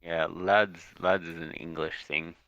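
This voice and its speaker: A man's voice: low-pitched, steady tone, a little slow, muffled recording, crowd noise. A man chatting casually on a trading stream, making dry, laid-back remarks. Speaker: co-trader on the stream. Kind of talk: casual chat.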